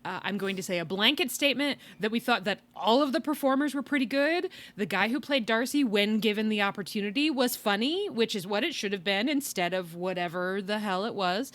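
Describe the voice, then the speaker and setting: A woman's voice: medium pitch, expressive, fairly quick, hardly any pauses, fairly bright tone. A woman hosting a podcast in casual chat, tired, wry and rambling, with sighs and laughs. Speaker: podcast host.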